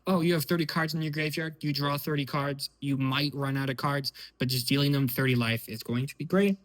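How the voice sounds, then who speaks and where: A man walking through his card game deck, thinking aloud in a relaxed way with small fillers and self-corrections. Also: a little high, fairly quick, low-quality recording. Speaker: deck tech host. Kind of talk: casual card-by-card explanation.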